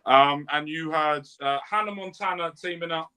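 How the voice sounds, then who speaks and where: A man's voice: fairly high pitch, moderate pace, pushed and bright, smooth. A young English man hosting a casual wrestling review show, rambling and jokey. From England. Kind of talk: casual chat.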